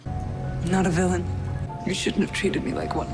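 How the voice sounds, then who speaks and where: A low-voiced, betrayed woman , played by an actress, speaks in cold, accusing lines in a TV drama. Dramatic score music runs underneath the dialogue. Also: little pitch movement, normal speed, natural voice. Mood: bitter. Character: wounded, betrayed woman confronting a former friend.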